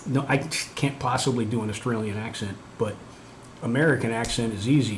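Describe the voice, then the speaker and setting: A man's voice: medium pitch, fairly even intonation, brisk. A man hosting a casual livestream, rambling and self-mocking with lots of fillers and restarts. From Canada. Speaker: livestream host. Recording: echoey room, faint background noise.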